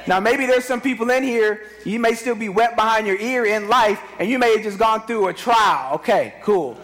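A man in his thirties, a pastor, preaching an animated sermon with repetition and call-and-response to the congregation. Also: high-pitched. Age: 30s. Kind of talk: energetic sermon.

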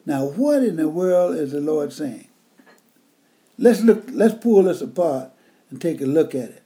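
An elderly preacher delivers a sermon in a raised, high voice with a warm, mellow tone. He talks slowly and folksily, leaning hard on words and dropping to a hush. His delivery is unhurried and plain-spoken. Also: very animated. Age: older. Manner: folksy, emphatic, swings between loud and hushed.

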